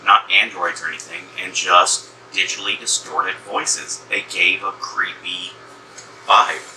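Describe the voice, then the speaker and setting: A man co-hosting a casual movie chat, adding quick, knowing remarks. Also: sits low, steady tone. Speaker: co-host. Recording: distant mic with faint room hum.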